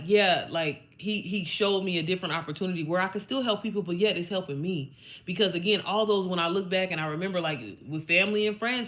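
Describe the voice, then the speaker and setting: A woman's voice: on the low side, fairly bright tone. A young woman from Indiana giving a blunt, profane, emphatic motivational talk to her followers, chatty and full of fillers. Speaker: online business coach.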